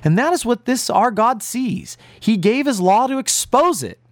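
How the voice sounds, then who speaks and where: Male preacher, earnest and emphatic, animated delivery, dry recording. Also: extremely high pitch, moderate pace, no echo. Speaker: pastor. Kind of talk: sermon. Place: broadcast to listeners at home and on the road.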